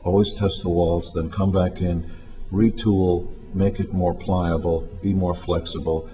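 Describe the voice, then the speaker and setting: Blunt deep-voiced man, lo-fi. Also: level tone, unhurried. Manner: blunt, commanding. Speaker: motivational speaker. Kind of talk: advice talk. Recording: dull lo-fi audio with faint music.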